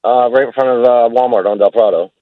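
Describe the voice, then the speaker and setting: Excited male caller on a phone line. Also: medium pitch, fairly quick, no echo. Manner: excited, casual, says "man".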